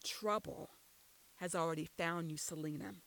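A reader voicing a menacing, lanky adult male stranger who speaks accented English in a low mumbling snarl. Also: fairly even intonation, normal speed, vocal fry, a bit bright. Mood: sing-song taunting. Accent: foreign-accented English.

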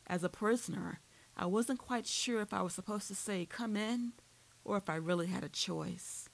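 A woman narrating a first-person audiobook in a steady, descriptive storytelling manner. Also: fairly low pitch, moderate pace, creaky, poor audio.

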